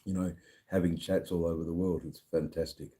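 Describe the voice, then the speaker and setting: Very deep, dark-voiced drunk man rambling. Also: level tone, a little fast. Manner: rambling, slurred, with lots of fillers. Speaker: live-stream host. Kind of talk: casual live-stream chat. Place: sitting at a bar.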